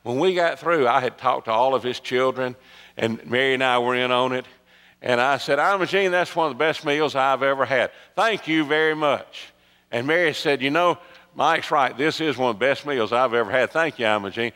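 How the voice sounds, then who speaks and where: Man, pastor, sermon, storytelling, loud peaks and hushed asides, medium pitch, long hall echo. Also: normal speed.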